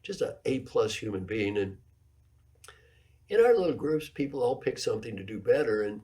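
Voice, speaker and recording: Mellow-voiced man in his seventies. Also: mid-range voice, very animated, normal speed. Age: 70s. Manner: storytelling, emphatic, repeats key phrases. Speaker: executive coach giving a talk. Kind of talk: keynote lecture with anecdotes.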